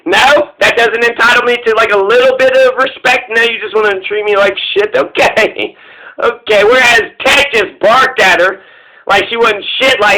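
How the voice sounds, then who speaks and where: High, bright-voiced rambling man. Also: fairly even intonation, normal speed, rough recording. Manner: meandering, profane, acts out voices of others. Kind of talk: rambling personal storytelling.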